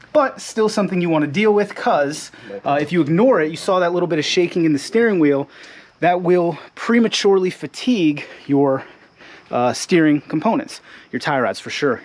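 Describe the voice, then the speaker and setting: A man hosting a garage video, explaining a repair in a relaxed, chatty way with joking asides. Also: fairly high pitch. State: slightly out of breath. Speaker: garage channel host. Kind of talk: casual how-to explainer. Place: home garage.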